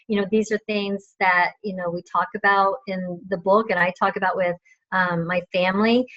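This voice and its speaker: Woman guest on dull lo-fi audio. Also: medium pitch. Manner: relaxed, thoughtful, laughs lightly. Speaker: guest entrepreneur. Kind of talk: casual interview chat.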